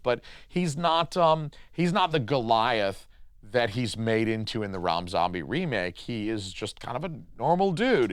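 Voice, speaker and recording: A man's voice: medium pitch, no echo, clean studio sound. A man doing casual, rambling film commentary as a horror reviewer, irreverent, with crude jokes.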